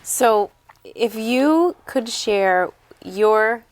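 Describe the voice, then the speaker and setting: A woman's voice: on the high side, lively intonation, drawn-out words, no room sound. A woman hosting an interview, asking questions and giving brief encouraging replies. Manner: warm affirming listener, brief encouraging replies. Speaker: interview host. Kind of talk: casual interview talk.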